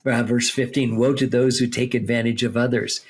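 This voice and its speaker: Husky man teaching scripture conversationally. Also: medium pitch, level tone, normal speed. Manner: explains step by step, reads scripture aloud, checks with "okay?" and "right?". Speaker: seminary teacher on a podcast.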